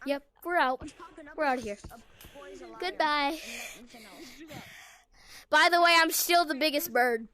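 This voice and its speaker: A woman's voice: high voice, slow, long pauses, bright, forceful tone. A woman casually chatting while playing a VR game, playfully chanting a catchphrase over and over. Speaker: VR gamer vlogger. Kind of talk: casual gameplay chat.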